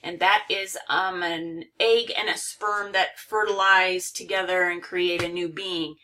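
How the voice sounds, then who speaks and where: A woman's voice: on the low side, fairly even intonation, a little slow, sharp tone, slight background noise. A woman teaching a recorded phonics lesson, carefully overpronouncing example words.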